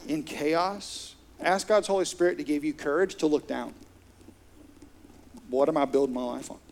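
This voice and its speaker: A man's voice: fairly high pitch, fairly even intonation, moderate pace, vocal fry, a little hiss or hum. A middle-aged man, preaching a sermon as pastor in an earnest, conversational way. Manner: earnest, conversational, with soft laughs.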